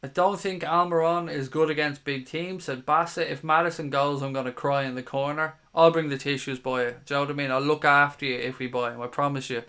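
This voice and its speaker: A man's voice: a little high, steady tone, fairly quick, few pauses, sharp tone, clean tone. A man in his thirties hosting a live stream, casually reading viewer comments aloud in a chatty, matey way and swearing now and then. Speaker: fan channel host.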